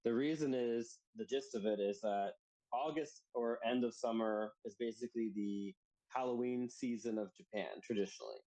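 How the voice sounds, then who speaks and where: A man's voice: medium pitch, normal speed, poor audio. Male podcast co-host, easygoing, meandering delivery full of fillers. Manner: relaxed, rambling with many fillers. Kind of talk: casual chat.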